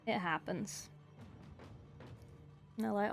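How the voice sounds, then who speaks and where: A woman's voice: mid-range voice, a little slow, vocal fry. A young woman painting miniatures on a livestream, chatting casually and answering viewer chat as she works. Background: faint background music.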